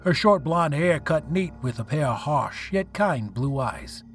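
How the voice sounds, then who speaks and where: A man narrates a tense first-person tale in a somewhat high voice, reading with dramatic feeling. Soft music plays faintly beneath him. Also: expressive, measured pace.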